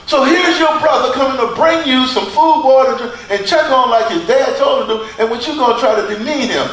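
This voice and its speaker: A man preaching a sermon in a church, with a preacher's cadence, dramatic pauses and repeated phrases. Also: extremely high pitch, fairly bright tone. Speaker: pastor. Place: church sanctuary. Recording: echoey church from far off.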